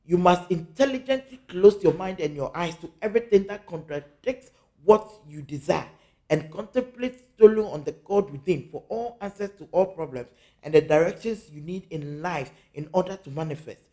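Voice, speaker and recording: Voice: medium pitch, animated, normal speed, dark tone. A spiritual teacher from Africa giving an earnest teaching talk, repeating key phrases for emphasis.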